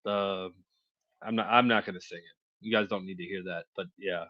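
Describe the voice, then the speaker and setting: A man's voice: low voice, steady tone, normal speed, muffled recording. A man hosting a show, giving casual, chatty commentary on court videos and often stumbling over his words.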